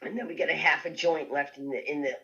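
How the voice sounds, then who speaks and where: A woman's voice: sits low, fast talker, highs cut off. Woman guest telling a story with lots of laughs. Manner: lively, laughing often, full of restarts. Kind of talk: telling a story in a podcast interview.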